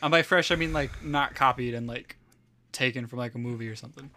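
A man's voice: medium pitch, fast, sharp tone. A man co-hosting a casual podcast, chiming in and stumbling over words as he tells a party story. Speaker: podcast co-host. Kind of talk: casual chat.

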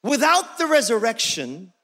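A young man preaches in a high, bright, forceful voice, playful and joking as he tells his stories. His sermon rings through a church hall with a long, trailing reverb. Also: wildly swooping pitch, unhurried. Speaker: pastor. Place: church auditorium.

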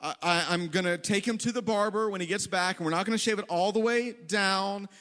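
A woman's voice: mid-range voice, a little fast, a bit bright, big-room sound, lightly acted. A man voicing a strict, stern middle-aged woman from his old church as he retells a story in a sermon.

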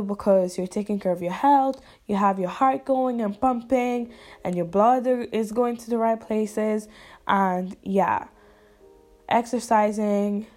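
A woman's voice: mid-range voice, darkish tone. A young woman hosting her own podcast, talking earnestly and encouragingly straight to her listeners in a casual solo chat. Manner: says she talks fast and runs out of breath. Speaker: podcast host.

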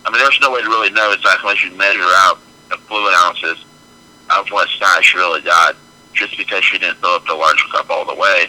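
A man co-hosting a podcast in a low voice with a very bright, sharp edge. He talks casually and thinks things through out loud. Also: fairly quick, rough recording. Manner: relaxed, reasons things out aloud. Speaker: podcast co-host. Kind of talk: casual chat.

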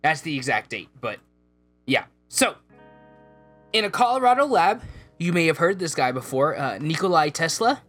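A man's voice: a little high, sing-song, moderate pace, pauses often, a bit bright, faint music behind. A man hosting a casual podcast, chatting and laughing often between his lines. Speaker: podcast host. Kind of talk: casual chat.

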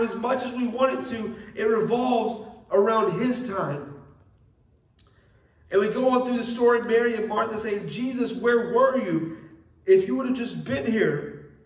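A young man preaching a sermon as pastor, earnest and repeating key phrases for emphasis. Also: high-pitched. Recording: echoey room, mic at a distance.

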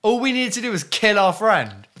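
A man co-hosting a comedy podcast, joking in a mock-serious, deadpan way and swearing. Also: high-pitched, normal speed. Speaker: podcast co-host. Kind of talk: casual comedy chat.

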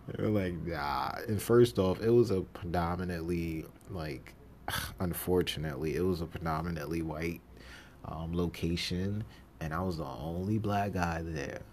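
A man's voice: sits low, steady tone, a little slow, a little mellow, slight background noise. A man hosting a podcast, telling stories from his jobs in a casual monologue, acting out the voices of the people he quotes and laughing often. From New York City. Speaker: podcast host.

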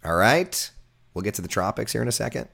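A man with a hoarse, recovering voice, hosting a casual live weather chat and reading out viewer comments. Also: fairly low pitch, lively intonation, fast talker, a bit bright. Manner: chatty, jokey, reads out viewer comments.

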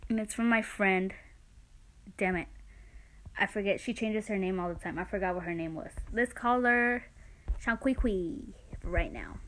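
A woman's voice: mid-range voice, normal speed, pauses often, a bit bright. An eighteen-year-old woman hosting a podcast, talking casually in a chatty, sarcastic way. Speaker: podcast host.

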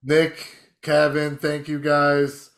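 A man's voice: on the high side, completely flat delivery, slow, a bit bright. Hesitant man signing off a podcast. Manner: hesitant, upbeat sign-off with many ums. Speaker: podcast co-host. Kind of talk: casual chat.

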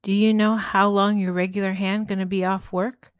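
A woman's voice: mid-range voice, little pitch movement, moderate pace, smooth, no room sound, lo-fi sound, natural voice. A woman voicing a friendly male farmhand with a put-on southern drawl, playful and kind in a storybook tale.

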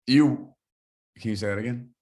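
A man's voice: medium pitch, normal speed, a little mellow. A man hosting a podcast, asking curious, probing questions in a casual way, with plenty of filler words. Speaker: podcast host. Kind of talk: casual interview chat.

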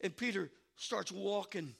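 A male pastor preaches a sermon, swinging between hushed, chatty asides and shouted passages while repeating "I'm telling you." His high-pitched voice is husky with vocal fry and keeps a measured pace.

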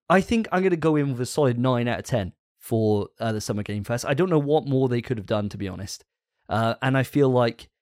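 A man's voice: medium pitch, darkish tone, dry recording, studio quality. A man hosting a gaming podcast in casual chat, enthusiastic and profane and laughing often. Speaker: podcast host.

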